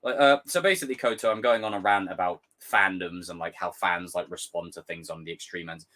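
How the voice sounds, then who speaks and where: A young man ranting casually on a live stream, swearing freely and slipping into quick impressions. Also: sits low. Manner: animated, swearing, jumps into impressions.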